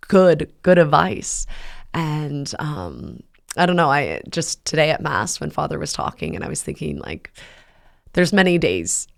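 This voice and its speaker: A woman in her thirties hosting a faith talk, telling a personal story in a rambling, heartfelt way with many pauses and fillers. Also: low voice, creaky. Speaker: podcast host. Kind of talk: casual personal testimony.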